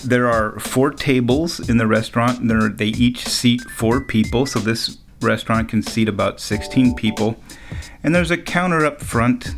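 A man telling a personal story in a relaxed way, chuckling often between lines. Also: mid-range voice, normal speed, faint music behind. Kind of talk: storytelling anecdote.

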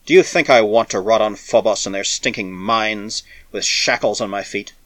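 A man's voice: on the low side, moderate pace, no room sound, natural voice. Man voicing a harsh, battered space adventurer. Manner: harsh, forceful, urgent. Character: weary battered adult male spacer, savage and stubborn.

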